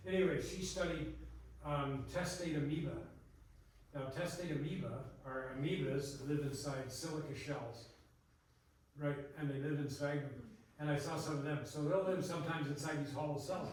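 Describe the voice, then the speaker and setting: A man's voice: a little high, normal speed, a little hiss or hum. An older man, a botanist giving a public talk, telling rambling stories full of tangents and laughs. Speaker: guest speaker, botanist. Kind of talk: casual storytelling talk. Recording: echoey room, distant mic.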